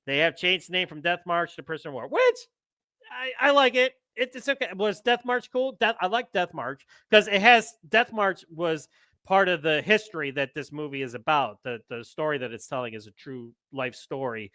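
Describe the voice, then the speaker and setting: A man hosting a podcast in casual chat, excitable and ranting, with the odd curse. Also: on the high side, moderate pace, dry recording. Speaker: podcast host.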